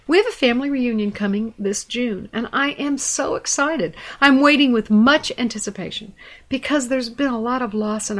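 Middle-aged female Bible teacher, earnest storyteller, a touch higher pitched. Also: fairly bright tone.

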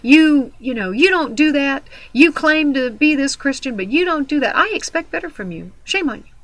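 A woman's voice: sits high, expressive, moderate pace, fairly bright tone, no room sound, pitched above the performer's own voice. A woman playing her friend, a stern woman scolding her bluntly in an indignant tone.

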